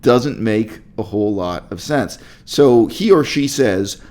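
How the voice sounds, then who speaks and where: A man's voice: fairly low pitch, animated, takes it slowly, few pauses, a little mellow. A man giving sarcastic commentary while reading out reviews, mocking them and laughing at his own jokes. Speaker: video commentator.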